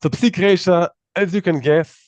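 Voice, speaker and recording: A man's voice: sits high, normal speed, a little mellow, no echo, lo-fi sound. A man teaching a live class, explaining step by step, often repeating words and restarting sentences. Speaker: Torah teacher.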